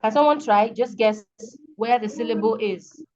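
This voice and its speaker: A woman's voice: on the high side, normal speed, darkish tone, dull audio. A woman with a Nigerian accent teaching an online English lesson, explaining patiently and often checking that students understand. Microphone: video call.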